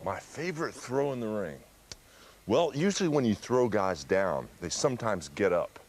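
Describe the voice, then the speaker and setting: A man with a deep, gravelly voice, a laid-back and jokey celebrity guest in a TV studio. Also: big pitch swings, normal speed. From USA.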